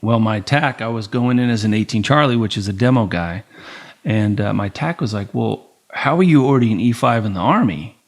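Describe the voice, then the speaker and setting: A man's voice: lowish voice, a little fast. A man in his forties, a podcast guest telling stories casually and acting out the dialogue, with a bit of swearing. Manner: animated, acts out dialogue with quoted voices, swears casually. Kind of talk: casual storytelling interview.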